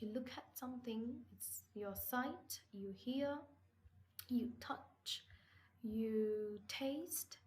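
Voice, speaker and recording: A woman's voice: medium pitch, a little mellow, rough recording. Woman, English teacher, patient, rhetorical questions, stretched key words. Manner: patient, asks and answers her own questions. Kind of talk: slow classroom explanation with questions.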